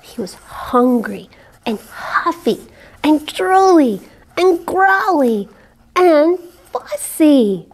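Slow, high-voiced woman reading a storybook. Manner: expressive, drops to whispers for suspense; asks the children questions. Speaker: children's librarian. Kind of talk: picture book read-aloud for children.

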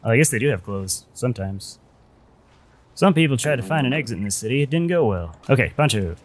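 A man's voice: medium pitch, expressive, fairly quick, slight background noise. A man chatting and joking while playing a co-op video game, often reading characters' lines aloud in playful voices. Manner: joking, reads robot dialogue aloud in silly voices. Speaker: co-op game player. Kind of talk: casual chat while playing.

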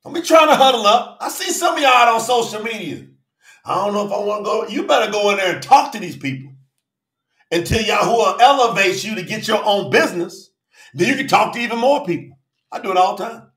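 A man preaches a fervent livestream sermon in a high, lively voice that swoops up and down. He often shouts and calls out his viewers by name. His bright voice carries a roomy echo. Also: a little fast. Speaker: preacher and channel host.

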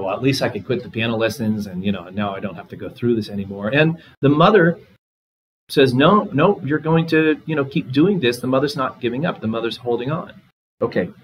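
A man giving a literature lecture in a relaxed, conversational way, reading short passages aloud and commenting on them. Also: mid-range voice, slightly rough, poor audio. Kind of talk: recorded lecture.

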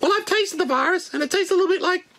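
A man voicing a cheeky male bat puppet who tells jokes in a squeaky, shrill voice. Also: fast, pushed and bright, exaggerated voice. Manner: cheeky, gleeful, joking.

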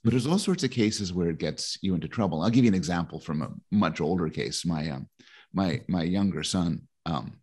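A man's voice: deep voice, normal speed, darkish tone, breathy edge. A middle-aged man explaining his ideas in conversation, thoughtful and prone to stammering restarts. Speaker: guest author.

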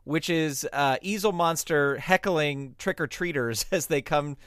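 Male podcast host, smooth voice, dry close sound, upbeat questions. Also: on the high side, measured pace, fairly bright tone, no echo. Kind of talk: casual interview chat.

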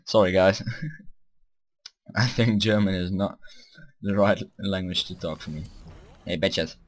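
Low-voiced, excitable young gamer. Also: male voice, a little slow. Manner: excitable, profane, shouts at his units. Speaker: gaming channel host. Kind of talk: let's play commentary.

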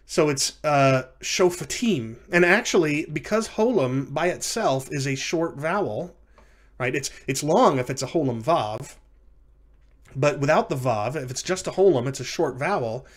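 A man's voice: a little high, animated, normal speed. A man giving a recorded language lecture, explaining step by step with frequent fillers and self-corrections.

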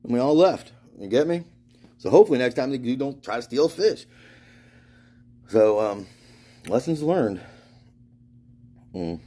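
This man from Florida speaks in a warm, slightly rough medium-pitched voice with big pitch swings, going a little slow with long pauses. As a spiritual vlogger in a meandering monologue, he restarts, trails off, curses frequently and laughs as he tells his stories.

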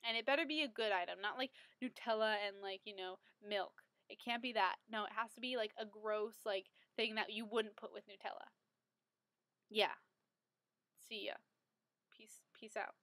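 A woman's voice: medium pitch, moderate pace, pushed and bright, dry recording. A teenage girl talking casually to her friends in a vlog, gushing and stumbling over her words when she gets emotional. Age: teens. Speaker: vlogger.

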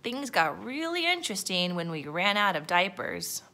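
A woman teacher reading a picture book aloud to children, lively and expressive. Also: mid-range voice, moderate pace.

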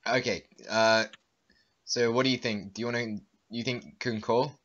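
A young man reads test questions aloud in a halting, hesitant way during casual podcast banter. His voice is bright and clear-toned. The audio is dull and lo-fi. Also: medium pitch, fairly even intonation. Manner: hesitant, halting, fillers while reading. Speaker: podcast co-host. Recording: dull, lo-fi home recording.

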